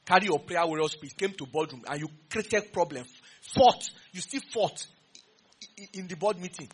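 A man with a Nigerian English accent preaching a sermon, teasing and quizzing his congregation in an animated way. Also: a little high, quick pace, husky.

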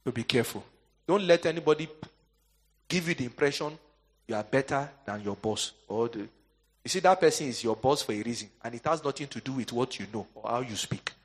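A male pastor preaching a sermon. He leaves questions hanging for the congregation to answer and swings between soaring emphatic lines and quiet asides. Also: medium pitch, expressive, fairly quick, breathy edge.

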